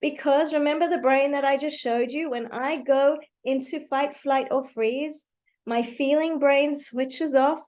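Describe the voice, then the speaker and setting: A woman with a high voice gives a parenting talk over a video call. She tells stories in an animated, conversational way and keeps turning to her listeners with questions. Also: unhurried. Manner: animated storytelling, asks the audience questions. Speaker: parenting speaker. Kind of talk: online webinar talk.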